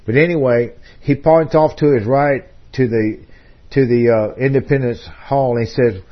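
A man's voice: mid-range voice, fairly even intonation, normal speed, dull audio. A man hosting a talk radio program, telling a long story in a discursive way with frequent fillers and restarts. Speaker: radio host.

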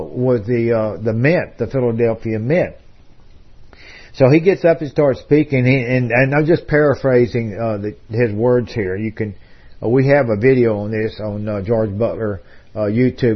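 A man's voice: mid-range voice, slightly rough, lo-fi sound. A man hosting a talk radio program, telling a long story in a discursive way with frequent fillers and restarts. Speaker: radio host.

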